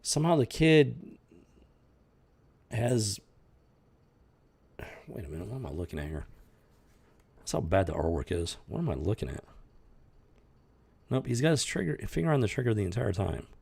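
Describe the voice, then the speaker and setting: A man's voice: fairly low pitch, sing-song, moderate pace, creaky, long pauses, a little mellow, breathy edge. A man hosting a comic book review show, ranting in exasperated, incredulous casual commentary. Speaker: podcast host reviewing comics.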